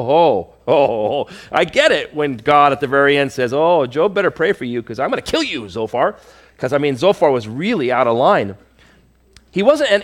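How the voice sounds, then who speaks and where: A male pastor preaching a conversational, emphatic sermon to his congregation. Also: a little high.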